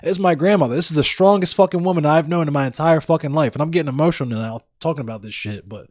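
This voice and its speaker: A man's voice: fairly high pitch, fast, few pauses, a little mellow, dry recording, studio quality. A young man livestreaming, chatting casually with viewers in a blunt, profane, ranting way. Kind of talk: casual chat with live viewers.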